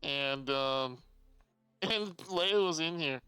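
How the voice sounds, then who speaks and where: Chatty male streamer with a slightly high, very clear voice, reads chat aloud, swears freely; dry home setup. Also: drawn-out words, pushed and bright, dry recording, faint music behind, rough recording. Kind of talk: casual live-stream chat.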